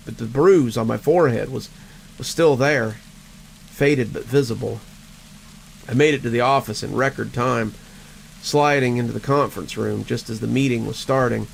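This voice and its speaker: A man narrating a horror story in a measured way, stammering at tense moments. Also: mid-range voice, gravelly, a little hiss or hum, poor audio.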